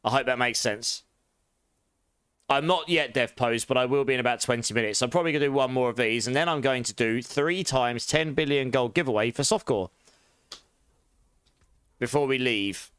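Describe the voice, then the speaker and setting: Smooth-voiced man with a London-Essex accent. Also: medium pitch, moderate pace, long pauses, no echo, clean studio sound. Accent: London and Essex English with a posh touch. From England. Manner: chatty, relaxed, reads and answers chat, laughs often. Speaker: game streamer. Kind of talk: casual live-stream chat while gaming.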